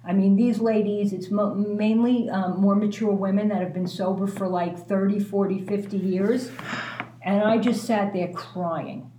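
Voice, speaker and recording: A woman's voice: medium pitch, a little slow, slight background noise. This is a woman guest telling a personal story frankly and with self-mocking humor. She swears easily and speaks in an ordinary mid-range voice. The room gives a noticeable echo. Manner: candid, self-mocking, animated, swears freely.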